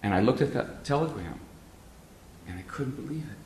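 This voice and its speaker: A man's voice: medium pitch, animated, moderate pace, gravelly, darkish tone. A man speaking to a live audience, telling humorous stories in a rambling way with frequent hesitant fillers. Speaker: guest speaker. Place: meeting hall with an audience. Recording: roomy hall sound with faint ambience.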